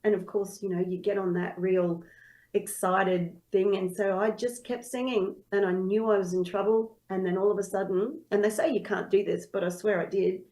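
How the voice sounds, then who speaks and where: A woman's voice: mid-range voice, steady tone, moderate pace, warm tone, low-quality recording. A woman who is a singer and singing teacher, telling her story in a casual interview and acting out her own past thoughts.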